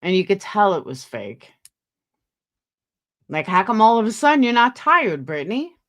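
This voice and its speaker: Speaking at normal speed in a mid-range voice, this woman is very animated despite being tired and yawning. She hosts a casual livestream, gossiping, chatting with live viewers and greeting them by name.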